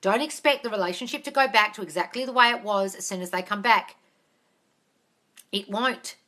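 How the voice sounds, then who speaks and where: A woman hosting a live question-and-answer stream as a manifestation coach, blunt and brisk, swearing freely and sounding exasperated. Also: mid-range voice, pushed and bright.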